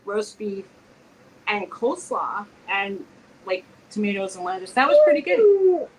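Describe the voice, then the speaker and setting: A woman co-hosting a casual live-stream chat, telling stories with lively quoted dialogue. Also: medium pitch, a little slow, slight background noise, rough recording. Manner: chatty, animated storytelling with quoted dialogue. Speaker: co-host. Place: home.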